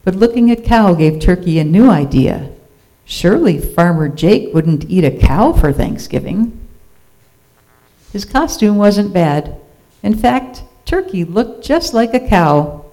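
A storyteller reads a children's picture book aloud, playful and expressive. The voice is mellow and soft-toned, with moderate pitch. Lines rise and fall for effect. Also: unhurried, low-quality recording.

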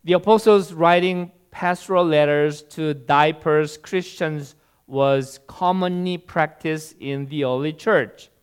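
A male preacher delivering a sermon at an unhurried, measured pace. His voice is smooth and clear, sitting a little high for a man, and he tells stories in a deliberate way. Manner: slow, deliberate storytelling delivery.

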